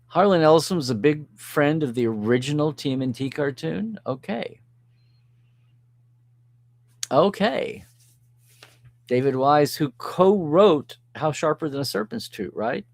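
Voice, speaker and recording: A man's voice: on the high side, expressive, normal speed, gravelly, a little mellow, dry recording. Male live-stream host, casual, answers chat, dry close sound. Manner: chatty, reads and answers comments, chuckles often.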